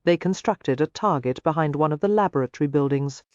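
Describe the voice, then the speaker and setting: Woman narrator as a crisp, determined lady doctor. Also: low voice, brisk, darkish tone, no room sound, dull audio, natural voice. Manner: crisp, pragmatic.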